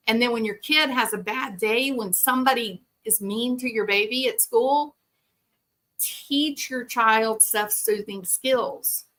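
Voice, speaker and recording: A woman speaks in an earnest, animated podcast monologue. Her tone is bright and forward. She is a therapist, and she slips into quoted voices as she tells a story. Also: a little high. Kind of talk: conversational monologue.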